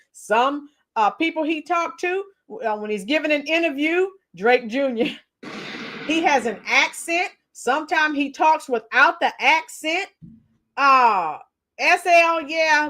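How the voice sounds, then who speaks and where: A woman hosting a live stream, mocking her subjects and chatting with viewers in an animated way. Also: sits high. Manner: mocking, animated, talks to chat. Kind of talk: casual live-stream chat.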